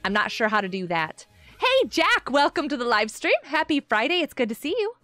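Bubbly high-voiced woman streamer. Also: sing-song, fairly quick, pushed and bright, no echo, faint music behind. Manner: bubbly, gushing, greets chatters by name. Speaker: streamer hosting a game night. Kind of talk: live game stream chat with viewers.

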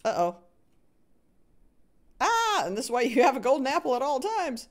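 During live Minecraft stream commentary, a woman with a high voice and big pitch swings talks briskly, leaving long pauses. She's a gaming streamer who chats with her audience, encourages other players, and hums little sound effects as she goes.

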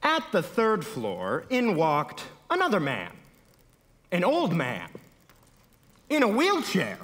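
A man's voice: high-pitched, huge pitch swings, slow, a bit bright, in a large hall. A man narrating a comedy sketch on stage in a mock-dramatic tone, correcting himself as he goes. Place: theater stage.

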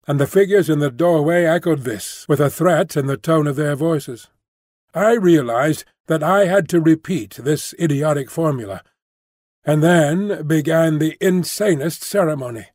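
A man's voice: on the high side, darkish tone, no echo. Man narrating an audiobook, dry close sound. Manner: measured, descriptive reading. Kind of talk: scripted narration.

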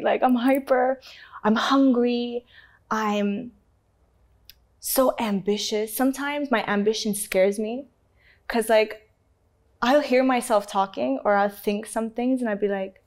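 A young adult woman being interviewed. She talks candidly and expressively, with lots of "like" fillers and frequent easy laughter. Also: a little high. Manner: laughs easily and often. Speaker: interview guest.

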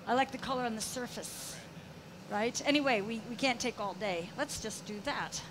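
A middle-aged woman with a high voice talks her way through a glassblowing demo, playful and chatty, slipping into sing-song counting. Loud workshop noise fills the background of the studio. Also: normal speed. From Canada. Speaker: glassblowing demonstrator. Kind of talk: live demonstration talk. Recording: noisy hot shop.

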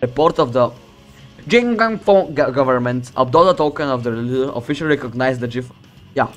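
A young man from the Balkans casually commenting on his strategy game, boasting, swearing and joking to himself as he plays, with loud music behind him. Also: mid-range voice, fairly quick. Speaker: streamer playing a strategy game. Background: loud background music.

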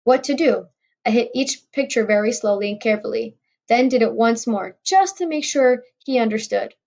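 A woman's voice: a little high, moderate pace, vocal fry, darkish tone. A woman reading a novel aloud in a wry first-person storytelling voice. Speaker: audiobook reader.

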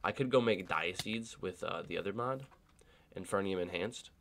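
A man's voice: deep voice, normal speed, a bit bright. A young man with a nasal voice, just woken up, chatting casually over gameplay and joking to himself. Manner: talks to himself, joking asides and silly voices. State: just woke up. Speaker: gaming video creator.

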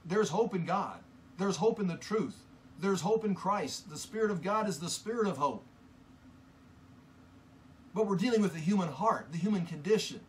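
A man teaching from the Bible in an earnest, impassioned sermon, often halting and restarting mid-sentence. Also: high-pitched, expressive, slight background noise.

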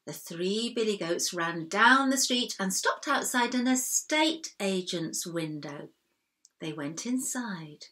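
A middle-aged woman reading a children's story aloud, expressive and animated, with sing-song sound effects. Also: mid-range voice, slow, poor audio.

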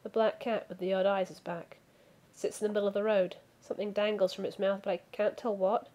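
A woman reading a visual novel aloud as a let's play streamer, voicing the lines and breaking off into animated asides. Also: medium pitch, a little fast. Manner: animated, reacts with outbursts and asides. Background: background music.

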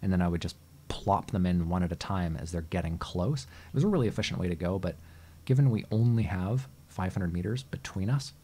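Male gaming host, low-ish voice, casual let's-play commentary, exasperated and foul-mouthed, talks back at the game. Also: expressive, fairly quick, mellow, slightly rough.

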